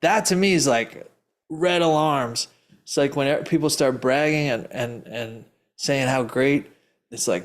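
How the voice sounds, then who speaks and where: An investing educator with a mid-range, unhurried voice answers audience questions live. He tells stories emphatically and ramblingly, laughs often, and keeps restarting his sentences.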